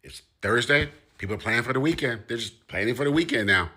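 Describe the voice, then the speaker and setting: This male commentator's voice is medium-pitched and expressive, fairly quick, with a breathy edge. Talking straight to camera, he argues forcefully, repeating points and letting his emphasis climb.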